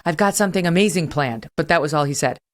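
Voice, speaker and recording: Lower-voiced woman hosting an interview. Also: expressive, fast. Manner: chatty, pointed, leads the questions. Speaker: host. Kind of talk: interview talk show.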